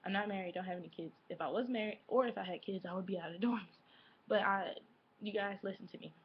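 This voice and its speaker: A woman's voice: mid-range voice, fast, slightly rough, dull audio. A woman in her twenties chatting casually to camera as a vlogger, rambling with lots of fillers and self-corrections. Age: 20s.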